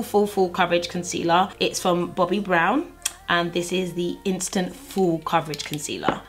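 A woman's voice: lowish voice, fairly bright tone. A young woman chatting in a bubbly, playful way as she walks through a makeup tutorial for her channel. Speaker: beauty vlogger. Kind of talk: casual makeup tutorial chat.

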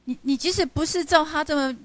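A woman teaches a university poetry class, reading lines aloud to show where the stresses fall. Her voice sits fairly high and sounds close and dry, with little room around it. She often stops to check with her students. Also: quick pace, fairly bright tone, no echo. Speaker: literature professor. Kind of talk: classroom lecture mixing English and Mandarin.

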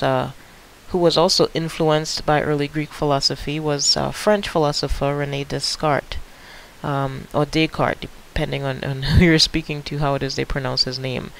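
Man teaching a recorded lecture, slightly high voice, loose and casual delivery, light background hiss. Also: low-quality recording. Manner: casual, with many fillers and restarts. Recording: faint hiss.

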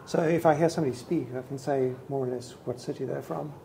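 A man with a Johannesburg South African accent, a tour guide chatting in a lively, teasing way. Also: mid-range voice, quick pace, creaky, a little hiss or hum. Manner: animated storyteller, teasing. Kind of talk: casual conversation.

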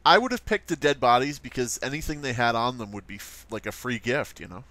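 A man's voice: mid-range voice, fairly quick, sharp tone. A man co-hosting a casual chat, joking and laughing often. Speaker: co-host.

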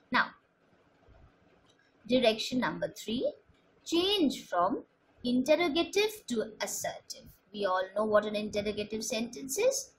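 A woman teacher giving a grammar lesson, explaining slowly and emphatically, repeating her examples. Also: on the high side, poor audio. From India. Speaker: school English teacher.

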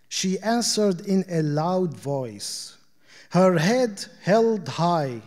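A man reading short fables aloud at a literary panel in a measured, deliberate way. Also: high-pitched, animated, darkish tone. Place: arts center auditorium. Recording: long hall reverb.

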